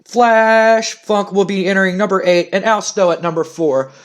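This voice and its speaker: This high-pitched man keeps a moderate pace as he dramatically calls a wrestling simulation playthrough, storytelling the action play-by-play and building hype with announcements.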